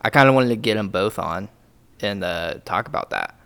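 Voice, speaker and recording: Low, gravelly man, lively teasing chat. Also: moderate pace. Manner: teasing, swears freely. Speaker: podcast co-host. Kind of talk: casual chat.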